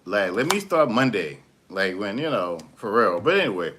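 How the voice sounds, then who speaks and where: A man's voice: fairly low pitch, big pitch swings, moderate pace, a bit bright. A young man giving a casual, rambling spiritual pep talk, full of fillers and restarts, acting out little voices. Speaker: motivational speaker.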